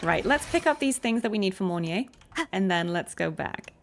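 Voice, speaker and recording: A woman chats while she plays, giving sincere career advice broken by ums and small laughs. Her voice has a gravelly fry to it. Faint game music plays behind her. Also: mid-range voice, expressive, moderate pace. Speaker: voice actor and streamer. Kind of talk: casual chat while gaming.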